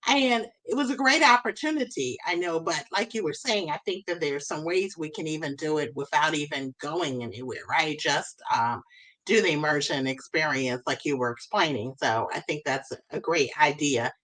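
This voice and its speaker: A woman's voice: low voice, moderate pace, low-quality recording. A woman hosting a casual interview, chatting and affirming her guest with frequent agreement. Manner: warm affirming interjections, conversational. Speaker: host.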